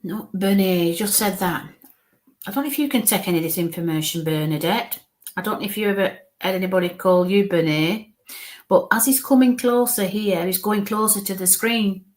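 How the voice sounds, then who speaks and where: A woman working as a psychic medium, giving a live reading in a halting way and breaking off to murmur coaxing asides under her breath. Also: medium pitch. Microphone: live stream mic.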